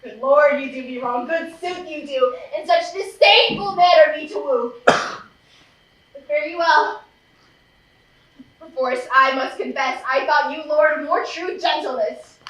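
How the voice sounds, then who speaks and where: A woman's voice: high voice, slow pace, a bit bright. An actress playing a lovesick, self-pitying young woman, pleading in impassioned stage verse on a live stage. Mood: wounded. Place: theater stage. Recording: echoey stage, recorded from far off.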